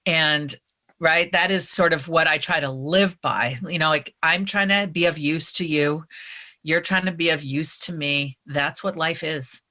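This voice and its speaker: A woman's voice: low voice, a little slow, pushed and bright. A woman author, a guest on a podcast, speaking in an earnest, frank and reflective way. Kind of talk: casual interview chat.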